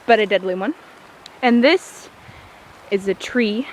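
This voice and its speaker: Filming on a handheld iPod camera, a teenage girl with a medium-pitched voice gives a walking tour vlog through a small creekside forest on a windy day. Her chat is self-mocking and full of jokey asides. The audio is poor, with wind noise and a rushing creek in the background.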